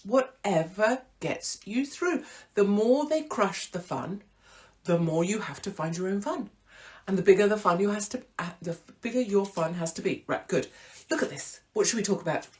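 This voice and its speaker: A woman's voice: expressive, normal speed, a little mellow. Irreverent chatty woman host. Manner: swings into big high exclamations. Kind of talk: casual live-stream chat.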